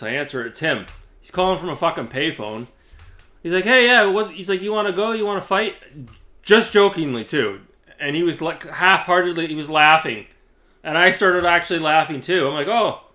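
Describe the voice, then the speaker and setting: A man's voice: medium pitch, pushed and bright. A man talking in a casual, profane, sarcastic vlog rant. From Canada. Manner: profane, sarcastic, ranting with frequent laughs. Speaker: YouTuber.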